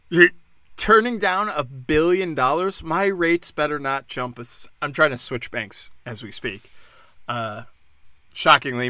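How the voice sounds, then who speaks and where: Casting: male host, bright forceful voice, sarcastic and foul-mouthed, dry close sound. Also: mid-range voice, no echo. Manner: profane, sarcastic, rambling. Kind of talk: casual news rant.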